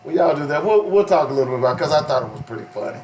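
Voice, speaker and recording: A man hosting a talk radio show in a drawl, his voice sitting somewhat high. He jokes, teases and breaks into laughter as he reads. A faint steady noise runs under the studio mic. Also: racing. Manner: joking, laughs often, playful put-on drawl. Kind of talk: casual talk radio banter.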